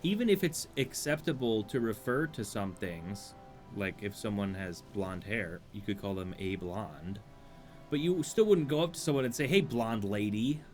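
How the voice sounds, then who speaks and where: A man's voice: on the low side, animated, normal speed, soft background music. A man streaming a video game, giving rambling, wry commentary that easily drifts off topic. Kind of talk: let's play commentary.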